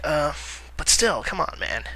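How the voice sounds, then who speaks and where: A man's voice: on the high side, very animated, unhurried, bright, forceful tone, low-quality recording. A man giving casual movie-news commentary in a vlog, rambling with lots of "uh" fillers, correcting himself and chuckling wryly at his own remarks.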